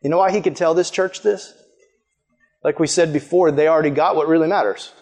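High-voiced, animated male preacher. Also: brisk. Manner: casual, animated, acts out voices of people he quotes. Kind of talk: sermon.

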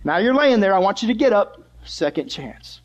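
Animated, high-voiced young male preacher. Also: normal speed. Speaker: youth pastor. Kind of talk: sermon.

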